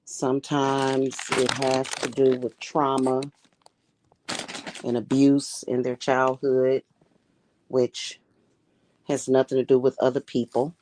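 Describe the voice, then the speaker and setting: A woman who is a high priestess and spiritual reader, talking in a casual livestream monologue in a deliberate, emphatic and blunt manner. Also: flat delivery, darkish tone, a little hiss or hum, poor audio. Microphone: streaming setup.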